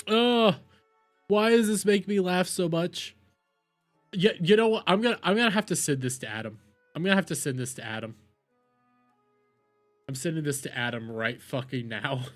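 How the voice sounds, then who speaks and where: A man hosting his live stream in casual chat, rambling with restarts and self-deprecating asides. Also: high voice. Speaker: streamer host.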